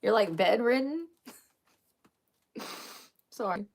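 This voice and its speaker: A woman's voice: medium pitch, lively intonation, slow, vocal fry, a little mellow. A young woman vlogging to camera in casual chat, chatty and joking, swearing freely.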